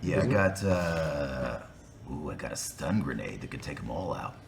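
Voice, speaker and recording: A man's voice: extremely low pitch, expressive, moderate pace, creaky, a little hiss or hum. A man playing in a tabletop role-playing game, laid-back and joking as he chats. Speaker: player.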